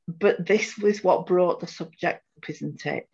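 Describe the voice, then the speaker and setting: A woman's voice: on the low side, a little slow, vocal fry, a little mellow, breathy edge. Chatty woman, dull lo-fi sound. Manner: chatty, giggly, upbeat. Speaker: podcast co-host. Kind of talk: casual chat.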